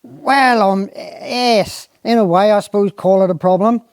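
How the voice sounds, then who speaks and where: A Cornish dialect performer voicing a slow-witted, apologetic old gamekeeper with a broad Cornish accent who talks hesitantly and roundabout. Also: male voice, high voice, clear, resonant tone, no room sound, studio quality.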